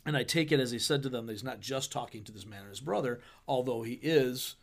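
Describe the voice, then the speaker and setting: A man with a gravelly, mid-pitched voice talks through a Bible chapter as a pastor on a podcast. He is loose and conversational and reads the verses aloud with a playful, paraphrasing touch. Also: quick pace. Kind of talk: podcast sermon discussion.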